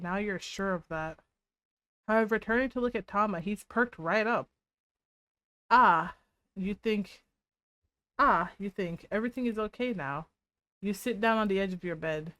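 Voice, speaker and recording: Emotional young woman streamer reading a game. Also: mid-range voice. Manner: emotional, exclamatory reactions. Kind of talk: game let's play with reading aloud.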